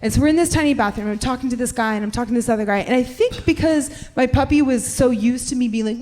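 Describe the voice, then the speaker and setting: A woman performing a stand-up comedy set, telling brash, profane stories and shouting her punchlines. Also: fairly high pitch, quick pace. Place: comedy club stage in front of a live audience. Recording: live club recording with reverb and crowd noise. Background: audience laughter.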